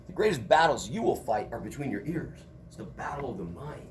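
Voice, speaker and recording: Lively joking college instructor, a man. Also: medium pitch, a little fast, noisy background. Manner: animated, joking storyteller. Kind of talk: casual classroom lecture. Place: classroom.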